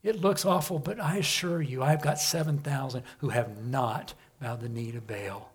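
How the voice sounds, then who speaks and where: A man voicing a patient divine figure, speaking softly and reassuringly. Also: mid-range voice, moderate pace, husky, natural voice. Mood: gentle. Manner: soft, hushed, reassuring. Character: gentle, patient male divine voice.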